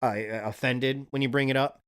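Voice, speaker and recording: A man's voice: mid-range voice, steady tone, moderate pace, clean tone. Guy on a livestream just rambling, earnest, mid voice, swears a bit. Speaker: livestream host. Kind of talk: casual monologue.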